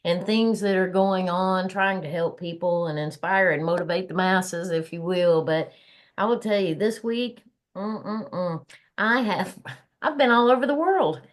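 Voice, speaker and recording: A woman's voice: on the low side, measured pace. A woman with a Southern accent co-hosting a motivational podcast, chatting in a folksy way and laughing often. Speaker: podcast co-host. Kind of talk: casual chat.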